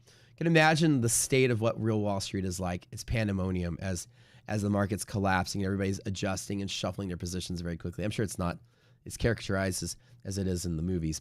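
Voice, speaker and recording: A man hosting a live day-trading stream, rambling casually with lots of swearing and sudden loud bursts of mock trader shouting. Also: low voice, fairly even intonation, fast talker, no echo, clean studio sound.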